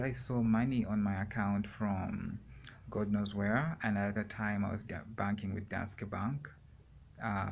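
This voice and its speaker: A man talking alone in a room for a rambling solo vlog, meandering and halting with many fillers and pauses. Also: fairly low pitch, gravelly, lo-fi sound, slight background noise. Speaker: vlogger.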